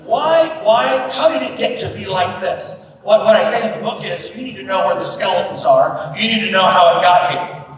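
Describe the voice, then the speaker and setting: A man's voice: sits high, moderate pace, a crowd in the background. A middle-aged man giving a humorous keynote talk at a business breakfast, telling stories and acting out the voices of people in them. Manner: storytelling, acts out quoted voices. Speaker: keynote speaker. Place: large event hall at a business breakfast. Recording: echoey hall from far off, with noise.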